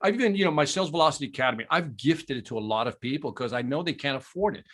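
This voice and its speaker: A man telling a story as a guest on a podcast, animated and enthusiastic, in casual conversation. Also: on the high side, very fast. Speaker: podcast guest, sales trainer.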